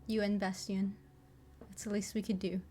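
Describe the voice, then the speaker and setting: A woman player speaking softly and affectionately in character during a tabletop game. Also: medium pitch, flat delivery, moderate pace, a little hiss or hum.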